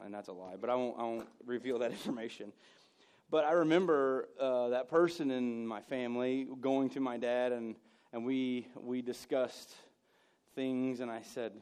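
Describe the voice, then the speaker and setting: A man in his thirties, a pastor preaching a sermon with animated storytelling, playful asides and laughter. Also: mid-range voice. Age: 30s.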